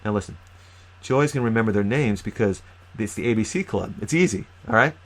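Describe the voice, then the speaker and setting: A man giving an animated, emphatic youth ministry training talk, with sudden loud bursts. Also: on the low side, brisk. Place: lives in New York.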